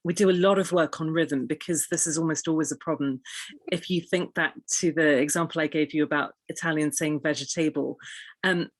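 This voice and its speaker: A woman, an interview guest and pronunciation coach, explaining in an articulate, measured way. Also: sits low, fairly even intonation, no echo.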